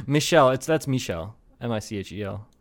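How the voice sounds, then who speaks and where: A man's voice: medium pitch, big pitch swings, a little slow. A young man co-hosting a comedy podcast in loose, profane casual chat, laughing often and slipping into mocking voices. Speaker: podcast co-host.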